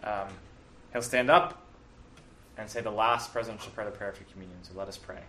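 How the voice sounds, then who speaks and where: A man's voice: lowish voice, steady tone, fairly quick, bright, forceful tone. Guy talking through the mass step by step, kinda chatty, echoey room, mic a bit far off. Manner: conversational, with fillers and self-corrections. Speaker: teacher explaining the Mass. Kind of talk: casual explanatory talk. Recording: roomy, from a distance, faint ambience.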